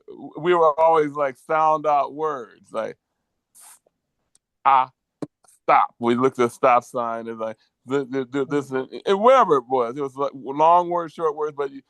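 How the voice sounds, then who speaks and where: A man's voice: mid-range voice, fairly bright tone, clean tone, no echo. A middle-aged man co-hosting a casual podcast over a video call, telling rambling, sentimental stories. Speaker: co-host.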